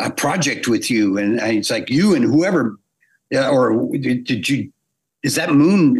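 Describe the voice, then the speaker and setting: Middle-aged guy telling a story on a podcast, mid pitch, really gets into the voices he quotes. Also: breathy edge. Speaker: guest animator.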